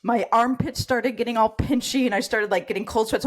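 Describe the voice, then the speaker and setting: A middle-aged woman, a nurse and educator, telling her personal story as a podcast guest, animated and acting out quoted voices. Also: on the high side, normal speed.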